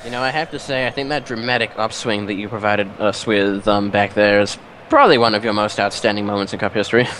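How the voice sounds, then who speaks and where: A man's voice: fairly low pitch, fairly even intonation, fast talker, fairly bright tone. A man co-commentating a football match with dry, wry remarks in casual banter. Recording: noisy background.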